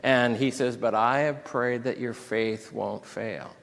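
A man delivers an emotional sermon, at a middle pitch, moving between scripture readings and heartfelt personal stories. His voice rises in intensity as he reads the passages aloud. A long reverb from the church sanctuary trails after his words. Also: steady tone, slow, gravelly, fairly bright tone. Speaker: pastor.

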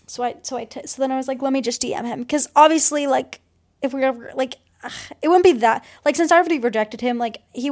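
A woman's voice: high-pitched, a little mellow. A young woman co-hosting a podcast, telling a dramatic, gossipy story in casual chat and swearing freely. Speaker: podcast co-host.

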